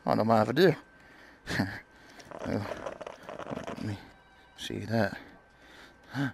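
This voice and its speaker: A man's voice: lowish voice, takes it slowly, gravelly, long pauses, background noise. A young man casually commentating a game, crude and mumbling, talking back to the characters. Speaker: gaming streamer. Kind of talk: casual let's-play commentary.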